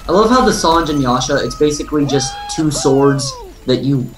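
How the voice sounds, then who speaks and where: Lively young man gaming, echoey room. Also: a little high, normal speed. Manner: playful, boastful, laughs often. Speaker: gamer. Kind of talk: casual gameplay chat. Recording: echoey room with game music.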